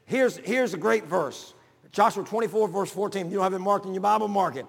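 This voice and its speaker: An older man preaching a folksy sermon to his congregation, building to shouts. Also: high-pitched, a little fast, vocal fry, husky, big-room sound. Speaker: pastor.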